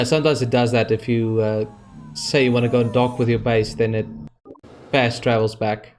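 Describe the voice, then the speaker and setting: A man's voice: medium pitch, a little mellow. A man giving rambling let's-play commentary over a space game, with many fillers and restarts. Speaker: gaming YouTuber.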